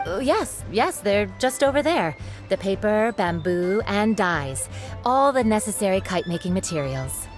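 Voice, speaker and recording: A woman's voice: mid-range voice, very animated, moderate pace, lightly acted. A woman plays a welcoming shopkeeper selling kites in a game, chatty and eager to show her wares, with faint music behind. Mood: flustered. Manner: welcoming sales patter. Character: friendly female kite shop seller.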